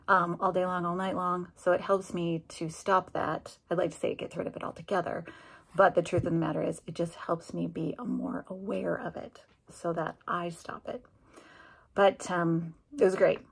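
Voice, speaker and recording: A middle-aged woman talks candidly to the camera, recounting her own experiences and slipping into the voices of the people she quotes. Her voice sits on the low side, husky and breathy, with a gravelly edge. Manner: candid, conversational, acts out dialogue with quoted voices. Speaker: former special education teacher. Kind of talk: personal vlog storytelling.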